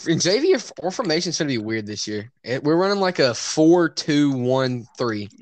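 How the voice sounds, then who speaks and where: A man's voice: fairly high pitch, sing-song, normal speed. A teenage young man in a casual chat with friends, rambling and hesitant, often laughing. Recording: faint background noise.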